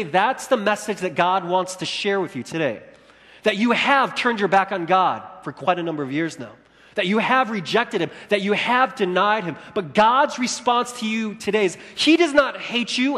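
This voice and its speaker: A man preaching a sermon in a church hall, lively and acting out the quoted lines. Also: sits high. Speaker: pastor.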